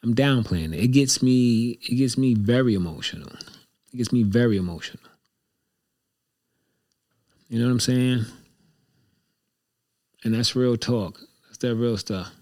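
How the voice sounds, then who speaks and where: A man's voice: medium pitch, a little slow, pauses often, warm tone. A man hosting his own show, talking in a casual, reflective monologue that rambles and repeats itself candidly. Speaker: show host.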